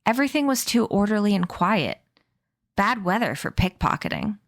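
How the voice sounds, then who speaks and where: A woman's voice: medium pitch, big pitch swings, moderate pace, no echo, studio quality. A woman voicing a mischievous, proper invisible boy in a read-aloud story, with a pleased-with-himself delivery. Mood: smug.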